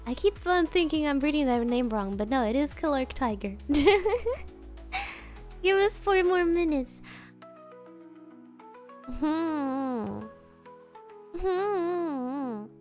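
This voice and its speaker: A young woman streams and chats with her viewers in a high, girlish voice. She takes her time, drawing words out, and her tone is playful and teasing, often slipping into mock offense. Faint music plays quietly underneath. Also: animated, slow pace, long pauses. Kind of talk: casual chat with viewers.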